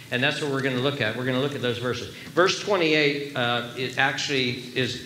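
A man's voice: mid-range voice, a bit bright, a little hiss or hum. A man preaching a sermon as pastor, earnest and emphatic, repeating his key phrases. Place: church sanctuary. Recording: echoey room, faint ambience.

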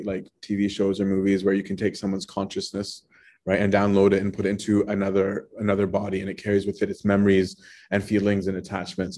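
Low-voiced man teaching a casual Bible study. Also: darkish tone. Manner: conversational, keeps checking in with "right?".

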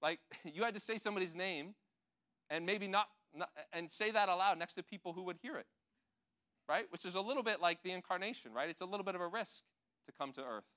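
A man giving a gentle, conversational sermon, talking to the children and the adults in the congregation. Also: high-pitched, fairly quick. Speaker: pastor. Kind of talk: children's sermon with audience participation.

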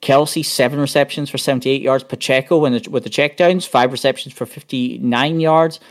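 A man's voice: mid-range voice, steady tone, normal speed. Man rambling through football stats. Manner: rambling, full of restarts and stats. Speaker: podcast panelist. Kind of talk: casual sports chat.

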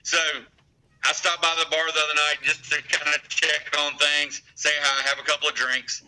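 A man's voice: a little high, completely flat delivery, normal speed, background noise. A man in his forties telling loose, crude, joking anecdotes in casual chat. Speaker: guest, pub owner.

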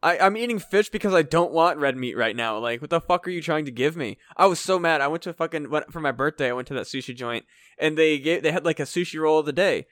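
A man's voice: fairly high pitch, fast talker, no echo, studio quality. A man co-hosting a casual podcast, ranting and swearing his way through food gripes. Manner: profane, ranting, animated. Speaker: podcast co-host.

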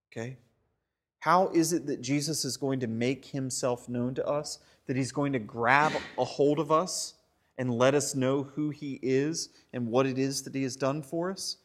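A man preaching a sermon in an animated, conversational way, with fillers and asides. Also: mid-range voice. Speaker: pastor.

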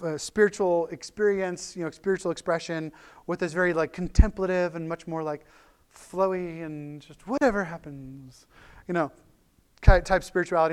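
A man with a notably high voice preaches a sermon in a relaxed, conversational way. He talks animatedly, often restarting his sentences and filling pauses as he goes. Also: smooth. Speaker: pastor.

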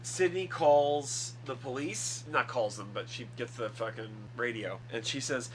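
A man casually retelling a horror film's scenes with lots of swearing, excited and fast. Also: medium pitch, slight background noise. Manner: profane, animated retelling of scenes. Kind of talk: casual movie discussion.

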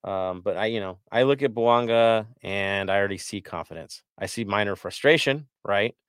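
A man's voice: fairly low pitch, moderate pace, fairly bright tone, clean tone, no room sound, clean studio sound. A man hosting a casual sports talk panel, rambling a little with fillers and restarts as he asks his co-hosts questions. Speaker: podcast host.

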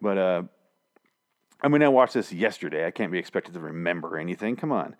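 A man with a fairly low voice talks through a show recap in a loose, rambling way. He swears freely and restarts his sentences often. The tone is casual and offhand. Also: expressive, brisk. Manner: profane, rambling, frequent restarts. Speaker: TV episode recap host.

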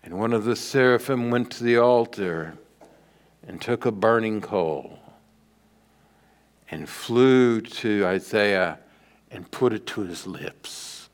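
A middle-aged man preaching a sermon as pastor, telling stories dramatically and swinging from loud declarations to hushed lines. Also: fairly low pitch, takes it slowly, pauses often.

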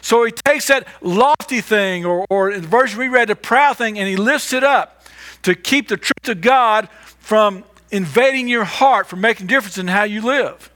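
A man's voice: high-pitched, normal speed, pushed and bright. A man preaching a sermon as pastor, emphatic and repetitive, sometimes stumbling over restarts.

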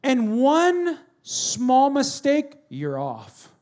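A man with a high voice preaches a sermon in a church. He is animated, bursting into loud acted-out shouts and then dropping to quiet, earnest talk. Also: very slow. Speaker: pastor.

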